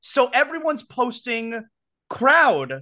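High, lively, bright-voiced male host. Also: takes it slowly. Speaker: podcast host. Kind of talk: casual chat.

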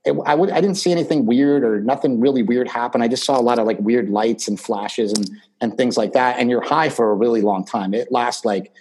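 A middle-aged man with a husky, breathy voice talks as a podcast guest. He tells his story casually, circling back with fillers and restarts. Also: mid-range voice, fairly quick, a little mellow, low-quality recording. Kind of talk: casual conversation.

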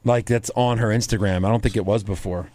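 A man co-hosting a wrestling podcast, chatting casually and firing off quick, incredulous reactions. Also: on the low side, steady tone, dark tone. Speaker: podcast co-host. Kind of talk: casual chat.

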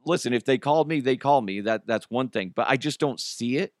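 A man's voice: medium pitch, brisk, dry recording, clean studio sound. A man hosting a podcast, giving casual, opinionated commentary with joking asides while trying not to lose his voice. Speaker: podcast host.

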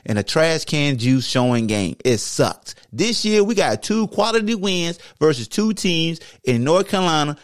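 Teasing man with a lively voice. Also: fairly high pitch, no room sound, clean studio sound. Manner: teasing, boastful, playful. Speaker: podcast co-host. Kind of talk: casual trash-talking chat.

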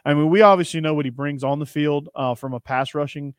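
A man's voice: a little high, quick pace, dry recording, clean studio sound. A man hosting a sports podcast, chatting and telling stories in an upbeat way. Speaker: podcast host. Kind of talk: casual sports podcast chat.

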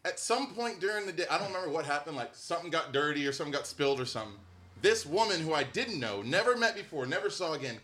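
A man in his thirties telling stories in casual podcast chat, lively and excitable. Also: fairly high pitch, fast. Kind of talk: casual storytelling.

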